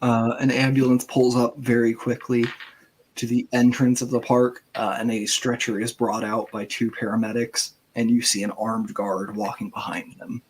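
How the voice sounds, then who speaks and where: A man narrating as game master, describing scenes in a relaxed way with fillers. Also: mid-range voice, normal speed, a little hiss or hum.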